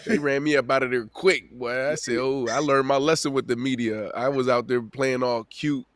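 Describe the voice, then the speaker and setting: A man's voice: medium pitch, fairly even intonation, normal speed, fairly bright tone, dry recording. A man co-hosting a sports talk show, telling stories animatedly and laughing often. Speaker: show co-host, former player. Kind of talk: casual sports chat.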